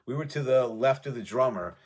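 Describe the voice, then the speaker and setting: A man's voice: mid-range voice, expressive, fairly quick. A man rambling casually about his past, profane and offhand, trading memories as he goes. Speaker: music show host.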